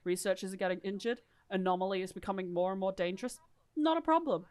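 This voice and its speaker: A woman co-hosting a podcast and reading lore aloud with casual commentary. She is loose and irreverent, and she swears freely. Her voice sits at a mid pitch. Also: fast talker, a little mellow. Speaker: podcast co-host.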